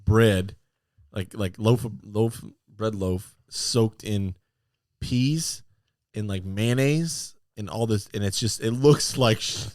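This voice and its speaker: A young man co-hosts a loose podcast chat, cracking jokes and teasing the others, often laughing. His voice sits a bit low. The sound is dry and close. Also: slow pace, darkish tone, no room sound. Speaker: podcast co-host. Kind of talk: casual chat.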